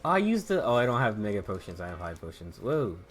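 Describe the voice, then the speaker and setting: A woman's voice: extremely low pitch, very animated, fast talker. A woman hosting a gaming video, giving joking, profane let's-play commentary and laughing often.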